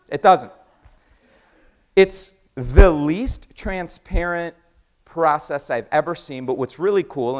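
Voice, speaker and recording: An American man giving an energetic conference talk, quizzing the audience and acting out conversations. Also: on the high side. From United States. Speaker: conference speaker. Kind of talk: keynote talk with acted-out dialogue.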